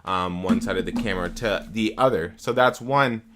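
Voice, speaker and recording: A man's voice: on the low side, normal speed, a bit bright, a little hiss or hum. A young man chatting casually on a live stream, swearing often and repeating himself, into a desktop mic at home. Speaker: livestreamer. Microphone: desktop USB mic.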